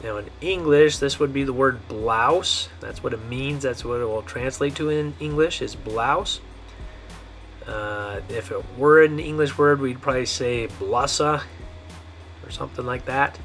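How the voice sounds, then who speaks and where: A man teaching a pronunciation lesson, saying each model word slowly and checking in often with the class. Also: medium pitch, a bit bright, soft background music. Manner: slow, drawn-out model words with frequent "okay?" checks. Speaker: Spanish teacher.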